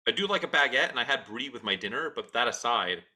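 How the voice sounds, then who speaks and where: A man with a very bright, cutting voice co-hosting a podcast in casual chat. His pitch moves around a lot, and his wry, playful banter comes with stammered restarts. He sounds easygoing and quick with a joke. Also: animated. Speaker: podcast co-host.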